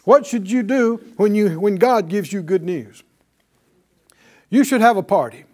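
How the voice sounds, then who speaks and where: A man's voice: sits high, measured pace, darkish tone. A man preaching a sermon, asking the congregation questions and acting out quotes. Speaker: pastor.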